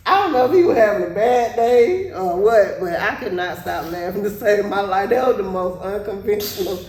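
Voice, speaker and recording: A woman podcast co-host telling a story in casual chat, animated and laughing often. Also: medium pitch, normal speed, far from the mic. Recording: echoey room, off-mic, faint noise.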